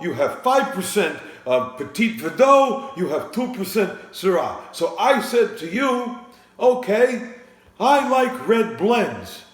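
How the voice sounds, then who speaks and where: A man doing a shouty, exasperated old man. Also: sits high, voice pushed up, heavily acted. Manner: shouty, exasperated, drawn-out complaining. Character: flustered, indignant old man ranting. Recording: echoey home studio.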